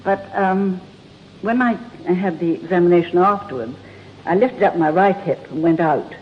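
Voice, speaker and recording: A woman's voice: lowish voice, moderate pace. An older woman from England, a guest on a talk show, telling stories in a chatty way and laughing often. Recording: dull lo-fi broadcast with faint hiss.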